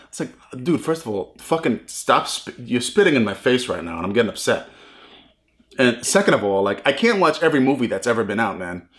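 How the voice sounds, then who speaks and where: A man's voice: mid-range voice, big pitch swings, brisk. A man hosting a comedic podcast, ranting in an exasperated, profane way. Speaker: podcast host.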